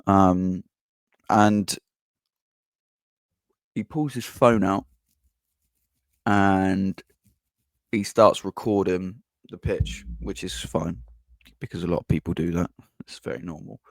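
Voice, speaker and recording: Low-voiced bloke, blunt. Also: male voice, fairly even intonation, takes it slowly, pauses often, dry recording, studio quality. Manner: blunt, swears, frequent ums and restarts. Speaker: podcast host. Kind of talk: casual match-reaction monologue.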